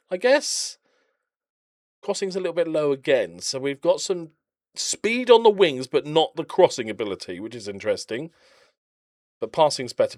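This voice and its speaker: Bloke rambling through his squad, jokey and blunt, voice bouncing all over, slightly high, dry close sound. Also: no echo. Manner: chatty, rambling, jokey and blunt, prone to rants. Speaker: game channel host. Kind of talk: casual gameplay commentary.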